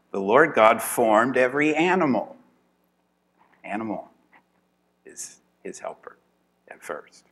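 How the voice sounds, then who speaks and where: A man's voice: fairly low pitch, fairly bright tone. A male lecturer reading scripture aloud and breaking off for wry, dry asides, his volume swinging from strong to near whispers. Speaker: religious studies lecturer.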